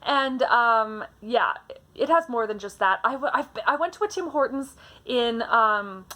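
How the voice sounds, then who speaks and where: Young woman from Canada, book vlogger, chatty and animated, bright voice sitting a little high. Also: unhurried. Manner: chatty, animated, many fillers. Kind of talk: casual book tag chat.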